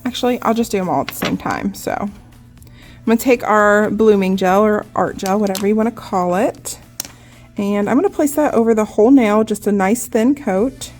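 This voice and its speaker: A young woman, a nail artist, giving a relaxed, chatty step-by-step nail art tutorial, often saying "like". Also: mid-range voice, normal speed, faint music behind.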